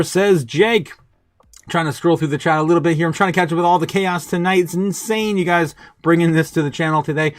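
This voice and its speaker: Excitable male livestream host. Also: fairly high pitch, normal speed, dry recording, clean studio sound. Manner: excitable, laughing, reading viewer chat aloud. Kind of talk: livestream market chat.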